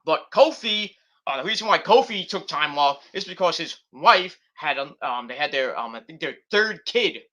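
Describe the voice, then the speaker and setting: Lively, bright-voiced rambling male podcaster. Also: a little high, normal speed. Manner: rambling, profane, many fillers. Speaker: podcast host. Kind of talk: casual late-night wrestling chat.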